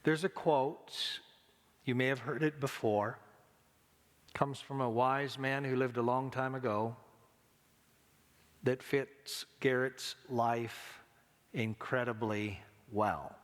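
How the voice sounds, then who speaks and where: Slow-speaking pastor in a reverberant church. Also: male voice, medium pitch, fairly even intonation. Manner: slow, deliberate, repeats key lines. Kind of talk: funeral sermon. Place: church sanctuary.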